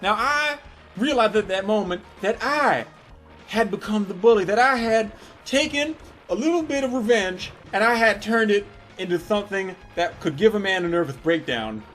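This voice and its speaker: A man with a notably high voice tells a comic story, swearing freely and letting his loudness jump up and down as each joke builds. His delivery is animated throughout. Faint music plays in the background. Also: moderate pace. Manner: profane, animated, building jokes with sudden shifts in loudness. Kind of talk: comedic storytelling monologue.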